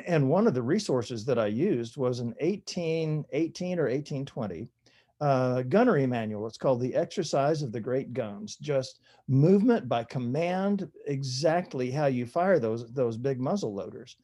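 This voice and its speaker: Mellow-voiced older male author telling stories. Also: medium pitch, moderate pace, husky. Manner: relaxed anecdotal, many fillers and restarts. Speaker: author guest. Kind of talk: conversational interview storytelling.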